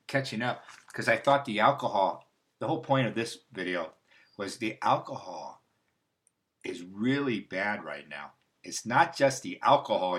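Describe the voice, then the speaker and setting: A man with a somewhat low voice hosts a casual livestream. He talks off the cuff, rambling, restarting sentences and drifting into asides. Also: a bit bright. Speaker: host. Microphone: livestream mic.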